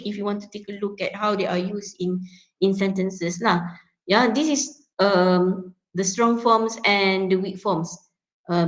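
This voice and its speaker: A university lecturer with a Malaysian accent teaches a phonetics class, explaining each point step by step and frequently checking in with a quick "yeah?". Her voice sits at an ordinary middle pitch, and the audio quality is poor.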